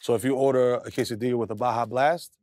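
A self-important male ballplayer with wild conspiracy theories, as a man sends him up in a comedy sketch. He talks in a lofty, mock-intellectual way and pushes his voice down low to seem smart, then flares up into high-pitched rants. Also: fairly even intonation, fast talker, darkish tone, close to an everyday voice. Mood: smug. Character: smug, conspiracy-minded male pro basketball star. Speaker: comedy show host.

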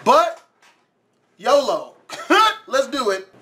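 A man's voice: fairly high pitch, a little slow, fairly bright tone. A man hosting his channel, giving casual reaction commentary, swearing freely and yelping when something startles him. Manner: profane, jumpy, yelps and swears when startled. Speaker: YouTube host reacting to a scare challenge.

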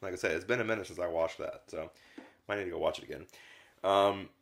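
A man with a low voice talks through an old film in loose, casual chat. He wanders with fillers and restarts, and slips into quick voiced-out bits of dialogue when he retells scenes. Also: vocal fry, fairly bright tone. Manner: rambling, many fillers, acts out lines from scenes. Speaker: film review podcast co-host. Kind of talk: casual conversational film discussion.

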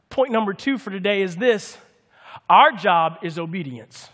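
A man with a high voice preaches a sermon, lively and joking, and throws questions out to the congregation. His voice rings with the long reverb of a large hall. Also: normal speed. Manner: lively, humorous, calls out to the congregation for answers. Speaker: pastor.

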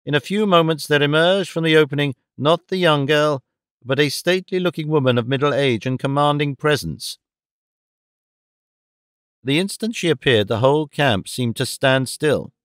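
Male audiobook narrator, even delivery, dry studio. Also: on the high side, normal speed, smooth, dry recording. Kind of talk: scripted narration.

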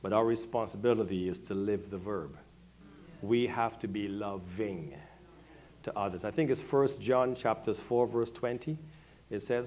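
A male pastor preaches a sermon in a church sanctuary at a moderate pace, calling on congregation members by name. He swings between quiet remarks and loud, high-pitched exclamations.

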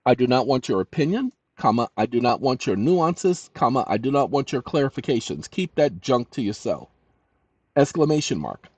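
A combative man rants in a commentary, speaking punctuation aloud as he dictates and breaking into shouted commands. His voice sits at a middle pitch. The sound is dry and close. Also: big pitch swings, moderate pace, husky, no room sound. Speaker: channel host. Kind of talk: ranting commentary, dictating to a chatbot.

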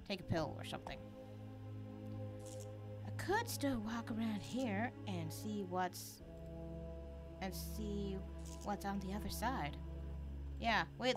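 A young woman giving casual let's play commentary, excitable and quick to yelp and laugh at scares. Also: a little high. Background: game music.

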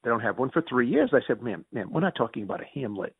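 A gravelly, husky American man tells his story in a lively, swinging voice and keeps breaking in on himself. The sound is dry and thin, as if it came over a phone line. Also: medium pitch, dry recording. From United States. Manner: rapid self-correcting anecdotes with quoted dialogue. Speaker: interview guest. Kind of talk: animated storytelling in conversation.

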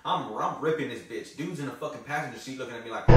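A man's voice: mid-range voice, quick pace, few pauses, noisy background. A man telling a story in a loose, profane, casual vlog style. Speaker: vlogger. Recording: echoey, from far off the mic.

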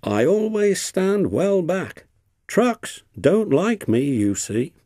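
A man doing a conceited male steam engine in a storybook, pitched well up from his own voice with a husky edge. He talks slyly, full of excuses. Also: very animated, slow, dark tone, no echo, clean studio sound, exaggerated voice. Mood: smug.

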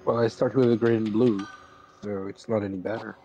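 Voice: medium pitch, steady tone, fairly quick, mellow, highs cut off, faint music behind. A friend playing a co-op game, chatting casually and playfully. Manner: playful, silly voices. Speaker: co-player. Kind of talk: casual gameplay chat.

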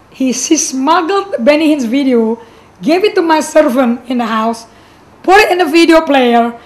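High-voiced woman pastor giving earnest testimony. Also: low-quality recording. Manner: earnest, emotional, full of restarts and "you know". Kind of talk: personal faith testimony.

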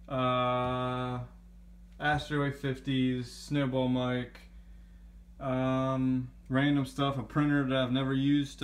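A young man chatting casually into a handheld camera mic, excitable and prone to repeating himself and laughing. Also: medium pitch, a little hiss or hum. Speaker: gaming vlogger.

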